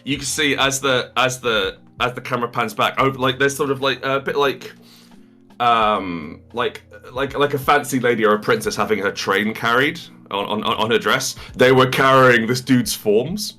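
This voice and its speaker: A man's voice: mid-range voice, moderate pace, bright, forceful tone, soft background music. A man narrating as game master, improvising with hesitant restarts and frequent laughter.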